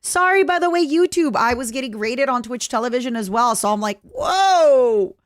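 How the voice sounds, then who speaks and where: A young woman with a Canadian accent chatting casually with her stream viewers, jokey and full of quick asides. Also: sits high, lively intonation, no echo, clean studio sound. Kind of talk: casual livestream chat.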